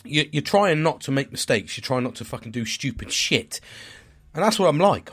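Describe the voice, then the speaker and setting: A man's voice: medium pitch, sing-song, moderate pace, fairly bright tone, slightly rough. A man, talking in a casual, rambling vlog monologue. He swears constantly, sounds stressed and tired, and is hard on himself. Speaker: vlogger.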